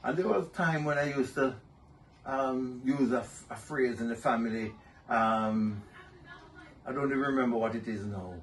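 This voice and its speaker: A man's voice: medium pitch, moderate pace. An older man, a guest in an interview, chatting and telling family stories and laughing often. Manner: warm storytelling, laughs often. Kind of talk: casual interview talk. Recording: distant mic with faint noise.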